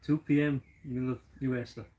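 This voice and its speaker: A man's voice: medium pitch, fairly even intonation, brisk, warm tone. A man chiming in beside a livestream host with short, offhand remarks in casual chat. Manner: brief offhand interjections.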